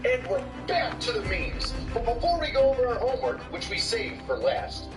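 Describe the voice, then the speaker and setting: A man casually commenting on military memes, profane and excitable, getting loud when he is worked up. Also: extremely high pitch, normal speed, distant mic, music in the background, poor audio. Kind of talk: casual meme commentary with sponsor read.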